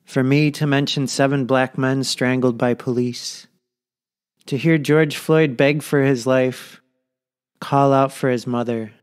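A man hosting a podcast and reading a scripted narration in a measured, solemn way. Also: mid-range voice, clean tone. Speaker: podcast host.

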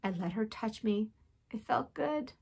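A woman voicing a small, timid young male mouse, speaking softly and quietly. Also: fairly high pitch, lively intonation, measured pace, gravelly, breathy edge, exaggerated voice. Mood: earnest. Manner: soft, hushed.

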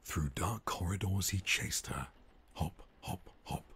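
A man voicing an eerie bedtime-story narrator in a horror game, in a slow, rhyming, whispered role-play. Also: background noise. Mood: ominous. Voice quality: deep gravelly whisper. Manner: slow sing-song rhyming delivery.

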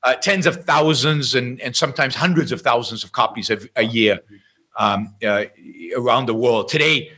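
Bright-voiced man telling a story. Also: medium pitch, normal speed, husky. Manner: lively anecdotal storyteller with frequent restarts. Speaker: interview guest. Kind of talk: explaining and storytelling in conversation.

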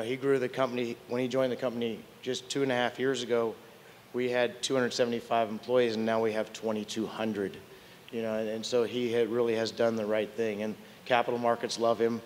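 A man's voice: medium pitch, slight background noise. An older man on a technology panel, telling candid, wry stories and often restarting his sentences. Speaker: tech panelist. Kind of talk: conference panel storytelling. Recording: long hall reverb.

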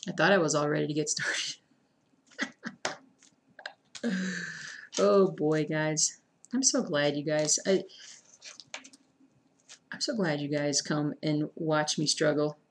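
Casual woman streamer with a slightly low, gravelly voice, chatting to viewers and muttering to herself. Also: slow pace, pauses often, a little hiss or hum. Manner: chatty, self-deprecating, talks to chat, mutters to herself. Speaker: cross-stitch streamer. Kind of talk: casual live-stream chat while stitching.

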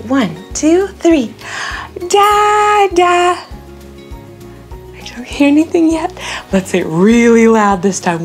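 A young woman leading a toddler learning video, talking slowly and cheerfully in exaggerated teacher tones. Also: mid-range voice, warm tone. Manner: slow, exaggerated, cheerful teacher talk with animal noises. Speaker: children's educator.

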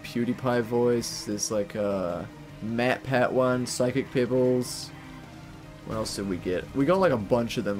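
Young New Zealand man, rambling gamer-streamer energy, mid-pitched voice, faint game music underneath. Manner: rambling, laughing, swearing casually. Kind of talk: casual live-stream gaming chat.

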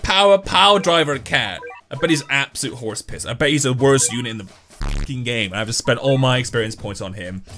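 A man's voice: mid-range voice, animated, fairly quick, music in the background. A young man giving gameplay commentary, ranting, swearing and joking about his losses. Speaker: game commentator.

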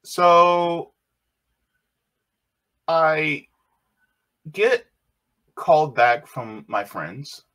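A man tells a story from his own life in a loose, conversational way. His voice sits a little high and swings widely in pitch as he repeats phrases. When he quotes other people, his voice jumps up. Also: expressive, extremely slow, long pauses, a bit bright. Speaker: video host. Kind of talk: casual personal storytelling.

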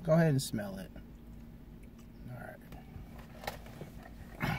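A man's voice: medium pitch, expressive, slow, warm tone, a little hiss or hum. A man hosting a casual food review mukbang, talking in slangy, hyped greetings to his viewers.

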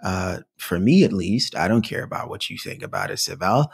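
Man, podcast co-host, husky tone, playful, mock-indignant, casual comedic chat. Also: low-pitched, animated, fairly quick.

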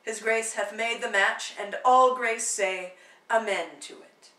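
Ruolo: anziano nobiluomo, padre orgoglioso e affettuoso, letto da una donna, stanza riverberante. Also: female voice, fairly high pitch, takes it slowly, sharp tone, roomy sound, far from the mic, low-quality recording. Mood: fatherly. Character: older nobleman, proud fond father. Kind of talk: dramatic play reading.

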